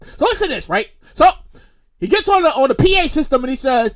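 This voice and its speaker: A man hosting a podcast, telling a story in an animated, profane, repetitive rant. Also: very high voice, fast talker. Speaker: podcast host. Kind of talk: casual storytelling.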